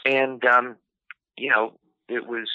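A man telling a personal story in an interview, unhurried and full of "you know" fillers. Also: mid-range voice, level tone, no room sound. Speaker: interview guest. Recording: tinny phone-line audio, dry.

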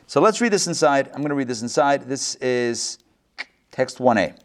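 A man, a rabbi, teaching a text study class in a playful, animated way full of rhetorical questions and jokes. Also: mid-range voice, moderate pace. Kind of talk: joking, interactive text study lecture.

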